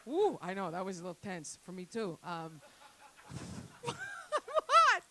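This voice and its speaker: A woman's voice: fairly low pitch, animated, brisk, a little mellow, a little hiss or hum, rough recording. Brash, foul-mouthed woman doing stand-up. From Italian-Canadian family. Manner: crude, brash, rambling, audience asides. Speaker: stand-up comedian. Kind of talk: stand-up set. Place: comedy night venue.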